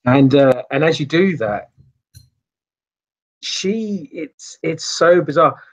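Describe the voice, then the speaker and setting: A man narrating a tabletop role-playing game as game master, pausing and searching for words. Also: fairly high pitch. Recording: dull lo-fi sound.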